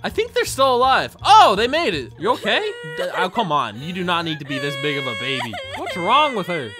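A man's voice: high voice, sharp tone. A man giving joking, sarcastic let's play commentary as a gaming YouTuber.

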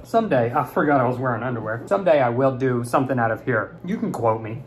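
A young man chatting playfully while opening fan mail, swinging from mumbles to high squeals. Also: slight background noise. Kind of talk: casual unboxing chat.

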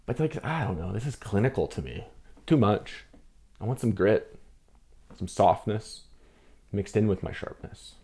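A man's voice: on the low side, animated, unhurried, long pauses, warm tone. A young man rambling casually to camera as he reviews a film stock, cutting himself off and blaming too much coffee. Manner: rambling, self-interrupting, jittery from coffee. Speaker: film photography vlogger.

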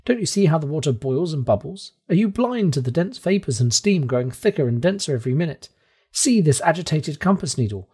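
A man voicing a frantic, terrified young nephew, talking in a high, shrill, pleading way in a storybook reading. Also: sing-song, fast talker, hardly any pauses, slightly rough, full character voice. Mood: panicked.

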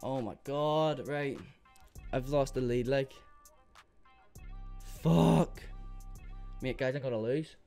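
A man's voice: mid-range voice, fairly even intonation, unhurried, darkish tone, clean tone, faint music behind. A young man giving casual commentary while gambling on online case battles, swearing a lot and talking frantically to his viewers. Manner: calls viewers mate, boys, guys. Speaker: YouTuber gambling on case openings. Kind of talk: casual live gaming commentary.

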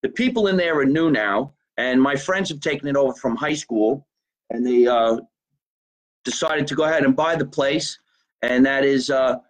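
A man hosting a casual live podcast from a basement, talking in an animated, profane way as he plugs a local deli. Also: medium pitch, normal speed, low-quality recording. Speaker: podcast host. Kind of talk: casual live-stream chat.

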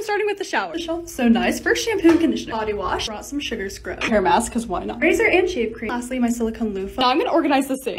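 A young woman in her twenties, a lifestyle vlogger, chatting over clips of herself organizing, bubbly and self-deprecating. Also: high voice. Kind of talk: voice-over narration of organizing videos.

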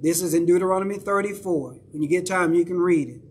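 A man's voice: high-pitched, fast, slight background noise. A male pastor with a Southern accent preaching a sermon in a church, talking conversationally and checking in with the congregation. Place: church sanctuary.

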